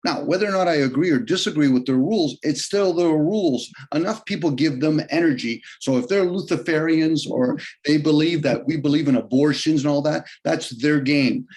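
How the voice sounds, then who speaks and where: Man holding forth on a video call, loose and argumentative, voice slightly raised in pitch. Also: darkish tone. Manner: rambling, argumentative, shifts pitch often for emphasis and quoted voices. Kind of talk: casual rambling monologue on a video call.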